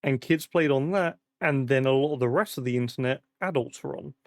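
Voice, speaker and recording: Fairly quick and mid-range, a young British man's voice comes through clean, studio-quality and echo-free. Casually chatting on a live stream, he rambles, swears often, uses lots of fillers, and his voice cracks in the heat.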